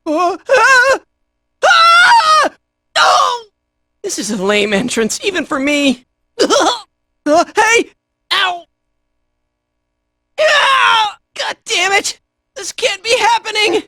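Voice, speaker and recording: A woman voicing a brash, cocky young fighter in a video game, shouting short battle cries and jokey taunts. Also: very high voice, very animated, takes it slowly, no room sound, studio quality, full character voice. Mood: hurt and cocky.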